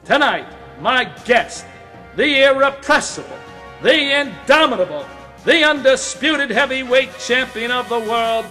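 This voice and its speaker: A man doing an impression of a brash older male sportscaster, with a grandiose, drawn-out announcer delivery. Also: very high voice, animated, bright, forceful tone, faint music behind, pitched above the performer's own voice, exaggerated voice. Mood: grandiloquent.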